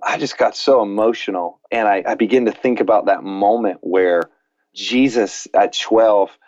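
A man's voice: lowish voice, moderate pace, a little mellow, dry recording, muffled recording. A man in his late thirties, talking earnestly in a casual faith conversation and telling family stories, often restarting his sentences. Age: late 30s. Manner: earnest, repeats words when starting sentences.

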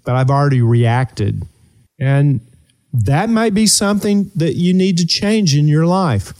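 A man's voice: on the high side, animated, darkish tone. Earnest motivational coach, a man. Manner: earnest coaching, rhetorical questions, slows down with deliberate pauses. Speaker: host and performance coach. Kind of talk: motivational talk show.

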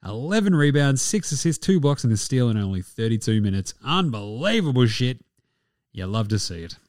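A man with an Australian accent chats about sports in a loose, crude, joking way, his pitch bouncing up and down a lot. The sound is dry and close, with no room around it. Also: big pitch swings, normal speed, darkish tone, dry recording. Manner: profane and jokey. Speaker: podcast host. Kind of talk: casual sports chat.

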